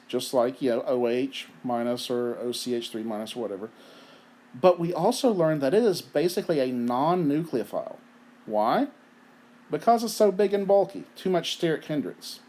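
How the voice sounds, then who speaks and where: A fairly high-voiced man lecturing on chemistry in a chatty, conversational tone. He keeps asking rhetorical questions and checking in with "right?", and he has the hiccups. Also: darkish tone. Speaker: chemistry teacher. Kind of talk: recorded lecture.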